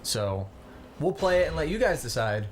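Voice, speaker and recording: A man's voice: on the high side, normal speed, slight background noise. A man casually commenting on a game he plays, explaining its systems with plenty of ums. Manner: relaxed, explanatory, many ums and uhs. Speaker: co-host and player of a gaming channel. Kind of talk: casual let's-play commentary.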